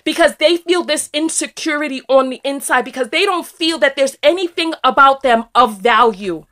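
Woman vlogger, heated commentary, emphatic repeats, slightly high voice. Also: moderate pace, a bit bright. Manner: emphatic, repeats phrases for force. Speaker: YouTube commentator. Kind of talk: ranting video commentary.

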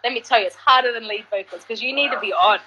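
A woman singer telling stories in an animated, casual way during an interview. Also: a little high, quick pace, dull audio, background noise. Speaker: singer and guest artist.

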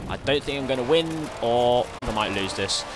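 A man excitedly commentating his own racing game play, breaking into strings of repeated exclamations. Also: medium pitch, normal speed. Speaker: gaming streamer. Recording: game music behind.

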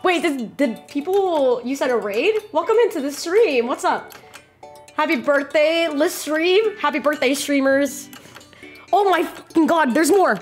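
A woman streamer putting on a Filipino accent while greeting viewers in a profane, excitable casual chat. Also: high-pitched, measured pace, soft background music. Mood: excited. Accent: put-on Filipino accent.

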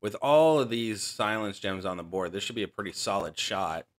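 A man's voice: fairly low pitch, lively intonation, moderate pace. A man hosting a mobile game channel, giving casual gameplay commentary that explains strategy and often corrects himself mid-sentence. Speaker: gaming channel host.

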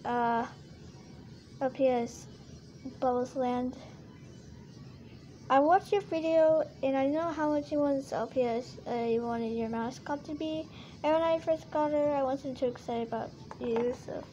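A woman's voice: high voice, measured pace, long pauses, dark tone, highs cut off, a little hiss or hum. A female vlogger chatting casually to camera about her toy collection, rambling with lots of fillers and restarts.

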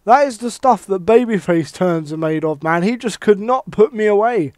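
Excitable swearing gamer, high voice. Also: male voice, moderate pace, no echo, clean studio sound. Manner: swears a lot, reacts loudly to the action. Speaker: gamer playing a wrestling game. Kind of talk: excited let's-play commentary.

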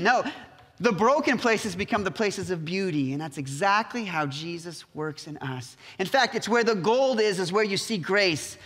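A man preaching a sermon as pastor, telling the story in a lively way and acting out the quotes. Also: sits high, moderate pace. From United States. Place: church sanctuary. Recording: reverberant church hall.

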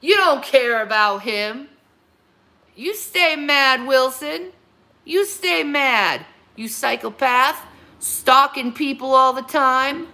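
A woman's voice: high-pitched, animated, slow, sharp tone. A woman in her thirties hosting a livestream, answering her critics in a heated, confrontational rant and often repeating herself. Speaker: livestream host.

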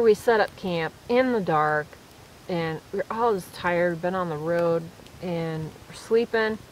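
A woman chatting to camera while camping alone in the woods at night, telling lively stories in a casual, animated way. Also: fairly low pitch, a little hiss or hum, rough recording. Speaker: solo camping vlogger.

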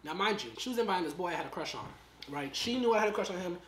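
Fast-talking slangy young woman, roomy echo. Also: fairly low pitch, a little hiss or hum. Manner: slangy, animated, acts out quoted lines; eating while talking. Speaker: vlogger telling a story. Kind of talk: casual storytime.

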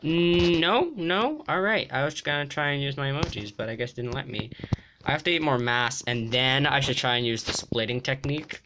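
A young man giving excited gameplay commentary, jumping between mumbling and sudden yelps and shrieks. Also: medium pitch, normal speed, noisy background. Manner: jumpy, yelps and shrieks when threatened. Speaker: gaming YouTuber.

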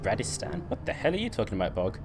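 A man's voice: mid-range voice, very animated, fast, gravelly, noisy background. A young man chatting on a live stream while playing a game, reading and answering his chat and laughing often.

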